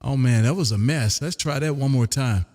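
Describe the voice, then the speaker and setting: A man from Texas hosting a ham radio livestream from his home radio room, loud, drawling out his call sign in a sing-song way and chatting with callers. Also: mid-range voice, moderate pace, in a large hall, background noise. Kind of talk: ham radio calling and chat.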